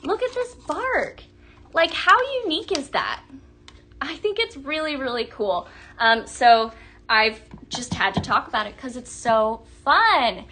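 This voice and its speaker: A young woman with a bright, forward voice gushes through a casual live sales stream. She talks warmly to viewers, full of little fillers, and pitches a touch high for a woman. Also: big pitch swings, unhurried, slight background noise. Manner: chatty, gushing, reads viewer comments aloud. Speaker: livestream sales host. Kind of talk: casual live shopping demo.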